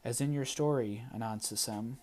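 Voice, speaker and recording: A man reading an audiobook, voicing a proud, weary male sky god who speaks in a measured, accusing way. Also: mid-range voice, a little mellow, lightly acted. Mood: skeptical.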